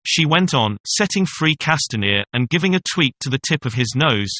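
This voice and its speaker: A man giving a measured, formal reading of a classic story as the narrator. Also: medium pitch, expressive, bright, forceful tone. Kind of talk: scripted audiobook narration.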